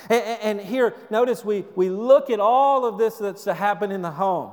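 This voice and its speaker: A man's voice: high-pitched, moderate pace. A man pastor preaching a sermon in a church, earnest and exhorting, often restarting his sentences. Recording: long reverb of a hall.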